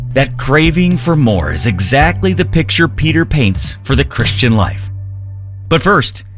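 A man's voice: medium pitch, no echo. A man, the announcer of a radio program, reading a scripted introduction in a polished delivery. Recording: dry studio voice with soft music. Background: soft music bed.

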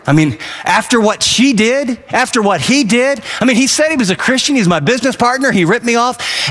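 Male radio preacher with a high voice, emphatic and chatty, in a hall with long reverb. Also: lively intonation, brisk, few pauses, a bit bright. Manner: emphatic, conversational preaching with acted-out asides. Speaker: pastor. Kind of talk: radio sermon.

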